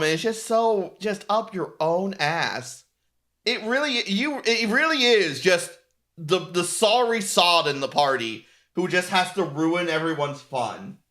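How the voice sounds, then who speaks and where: Man, VTuber streamer, sarcastic ranting, swearing, high bright voice, lively. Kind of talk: casual stream rant.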